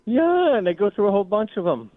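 Phone-in caller, male, lively pitch, hesitant and rambling, tinny line. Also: fast, dry recording. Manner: chatty, meandering, hesitant. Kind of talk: casual chat on call-in radio.

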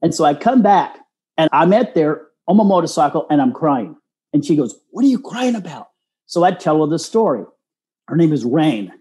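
Earnest older man with a mellow voice. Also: a little high, animated, normal speed. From Texas. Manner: earnest, folksy, acts out quoted voices. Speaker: guest. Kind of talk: casual storytelling.

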